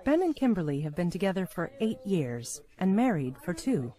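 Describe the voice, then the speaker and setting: A woman delivering scripted documentary narration in a measured, expressive way. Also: lowish voice, faint music behind.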